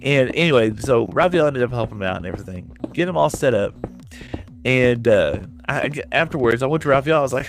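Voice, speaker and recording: A man's voice: medium pitch, animated, a little fast. A man from West Texas with a Texan accent, casually chatting and telling stories to viewers while playing a game. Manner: rambling storyteller, chatting with viewers. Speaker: streamer. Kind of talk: casual chat while gaming.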